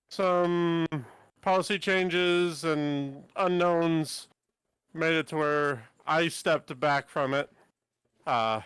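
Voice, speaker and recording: A man streaming in casual chat, unhurried and hesitant, with many fillers. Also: fairly high pitch, a bit bright, clean tone, no echo.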